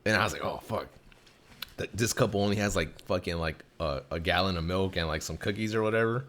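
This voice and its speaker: A young podcast host with a deep voice talks fairly quickly through an offhand, curse-filled story, animatedly imitating the people he quotes.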